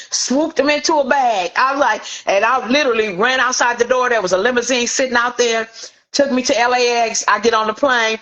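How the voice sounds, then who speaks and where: A middle-aged woman from Inglewood, California, a celebrity hairstylist telling an animated story and acting out the voices of the people in it. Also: a little high, muffled recording. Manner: acts out quoted voices, lively anecdotal.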